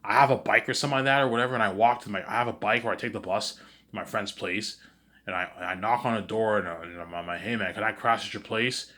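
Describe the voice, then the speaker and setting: A man telling a rambling story out loud, acting out each character's lines and filling gaps with "you know what I'm saying". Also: fairly low pitch, steady tone, fast talker.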